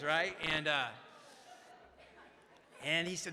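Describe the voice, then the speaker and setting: In an echoing hall, a middle-aged man tells a big recovery meeting a humorous, meandering story that pokes fun at himself, frequently adding "right?". His voice is a little high, bright and forceful, and he speaks unhurriedly with long pauses.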